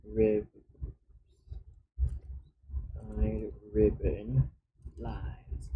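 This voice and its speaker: Slow, chatty man streaming as he draws. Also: on the low side, lively intonation, husky, dull audio. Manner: chatty, mutters steps to himself as he works. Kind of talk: casual live-stream chat while drawing.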